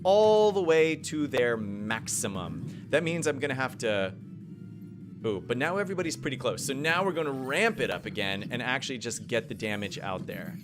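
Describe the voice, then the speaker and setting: A playful man commentating his game live and chatting with viewers. His pitch leaps up and down with excitement. Game music plays clearly behind him. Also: normal speed. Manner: playful, excitable, talks to chat. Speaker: gaming streamer.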